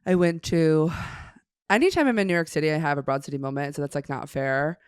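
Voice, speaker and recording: A woman in her thirties from Chicago, a guest comedian telling an animated, self-mocking story on a podcast. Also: low voice, brisk, clean tone, dry recording, studio quality. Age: 30s.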